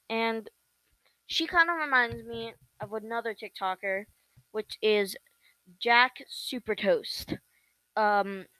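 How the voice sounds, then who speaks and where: A woman's voice: mid-range voice, fairly bright tone, no echo, poor audio. Rambling young woman podcaster. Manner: rambling, halting with many fillers and restarts. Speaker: podcast host. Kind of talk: casual solo podcast chat.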